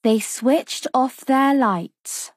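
A woman reading a children's bedtime story aloud in a slow, expressive, sing-song way. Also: sits high, slight background noise. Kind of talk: scripted bedtime story narration.

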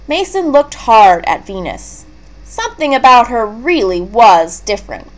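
A woman reading a leveled children's book aloud, clear and expressive. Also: on the high side, measured pace. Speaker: storybook reader.

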